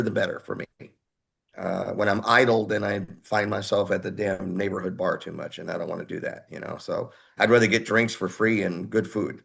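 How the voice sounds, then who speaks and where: A man's voice: on the low side, gravelly. A man, a metal singer, telling stories as an interview guest, acting out what people said and laughing often. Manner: animated storyteller, acts out quotes, laughs often. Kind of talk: storytelling in an interview.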